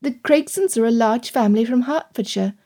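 Female reader doing a wide-eyed young lady, soft near-whisper, high and sweet, storybook figure. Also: fairly quick, natural voice. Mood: demure.

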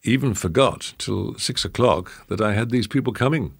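A man voicing an evasive English gentleman host who talks in a flustered, clipped rush. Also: fairly low pitch, moderate pace, gravelly, breathy edge, pitched above the performer's own voice.

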